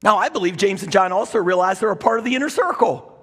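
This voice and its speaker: A male pastor preaches with a high, husky voice that leaps between loud bursts and quiet asides. He tells the story with lively, animated emphasis. His clip-on mic catches the long reverb of the church hall. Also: fast. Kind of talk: sermon. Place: church sanctuary. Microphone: clip-on microphone.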